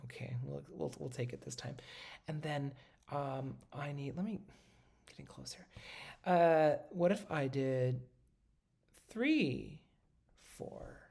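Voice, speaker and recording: Instructor talking through notation on video, relaxed and halting, with a fry in the voice. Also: mid-range voice. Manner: casual and patient, many ums and self-corrections. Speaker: music instructor. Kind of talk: recorded lecture, talking while drawing notation.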